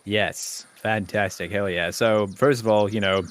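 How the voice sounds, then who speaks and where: A man with an Australian accent playing a tabletop game, calmly describing what his character does. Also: fairly low pitch, unhurried, a little hiss or hum. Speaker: player. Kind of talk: tabletop role-play.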